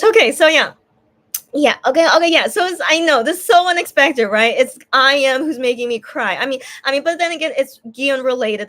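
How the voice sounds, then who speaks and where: A tearful young woman speaks to her viewers in a casual stream, her fairly high voice catching as she cries. She stops and restarts often, pausing to collect herself. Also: fairly bright tone. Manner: halting, many restarts and pauses. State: tearful, crying. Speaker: vlogger talking to viewers. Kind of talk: emotional casual livestream talk.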